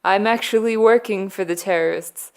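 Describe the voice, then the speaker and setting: A woman's voice: medium pitch, normal speed, close to an everyday voice. A woman voicing a sly Russian man turned traitor, with smug mock laughter, in a comic movie recap.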